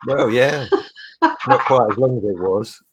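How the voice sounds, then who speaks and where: A man's voice: medium pitch, measured pace, crowd noise. A man joining a live stream as a guest, joking dryly about himself. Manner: dry self-mocking humor. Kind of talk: casual chat on a video call.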